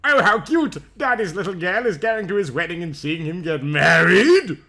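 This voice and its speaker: A woman's voice: low-pitched, animated, moderate pace. A man reading the lines of a sweet, chirpy young woman working as a shop clerk, in a comic fan-fiction reading.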